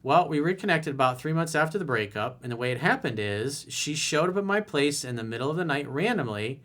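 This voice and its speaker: A man's voice: fairly high pitch, animated, a little fast, fairly bright tone. Blunt casual male dating coach. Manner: blunt, casual, direct advice. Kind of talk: video newsletter, reading and answering viewer emails.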